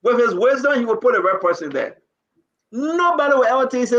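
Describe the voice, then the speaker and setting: A man's voice: sits high, animated, fairly quick, a bit bright, lo-fi sound. A man with a Liberian English accent, hosting a live talk show and pleading his case with passion and repetition.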